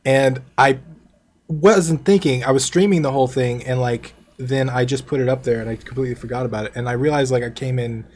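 A man speaking as a podcast guest, loose and rambling, with constant fillers as he works out his thoughts aloud. His pitch sits at an ordinary middle range for a man. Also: brisk, darkish tone. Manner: rambling, full of "like", casual and loose. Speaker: guest, game developer and YouTuber. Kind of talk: casual interview chat.

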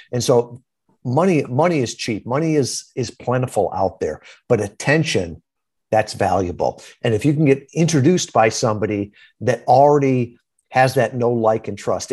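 A man's voice: mid-range voice, darkish tone, slightly rough. A man guesting on a podcast interview, answering in punchy, quotable lines and often checking in with "right?". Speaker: podcast guest, marketing founder.

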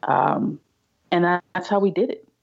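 Low, husky woman podcast guest. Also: sing-song, dull audio. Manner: halting, many restarts and repeated words. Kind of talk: casual interview storytelling.

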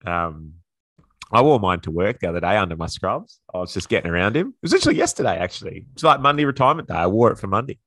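A man's voice: low-pitched, big pitch swings, fast talker, fairly bright tone, no echo. A man co-hosting a podcast, talking footy bluntly with casual swearing. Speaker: podcast co-host. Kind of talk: casual sports chat.

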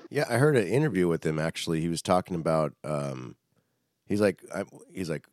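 A man's voice: deep voice, a little fast, no room sound, studio quality. A young man casually chatting as a podcast co-host, rambling and swearing a lot. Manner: profane, rambling, animated. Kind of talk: casual chat.

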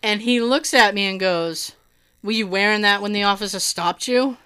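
Her voice sits at a medium pitch, clear and resonant, moving at a normal speed. She's a woman with hearing loss in her right ear, spinning a story in easygoing conversation, laughing frequently and playing out the quotes of others.

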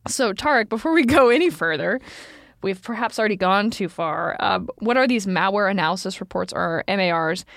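A playful woman co-hosting a podcast, trading puns and laughing easily in relaxed chat. Her voice sits at an ordinary middle pitch. The sound is close and dry, with no room around it. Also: vocal fry, no echo. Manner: playful, punning, quick to laugh. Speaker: podcast co-host.

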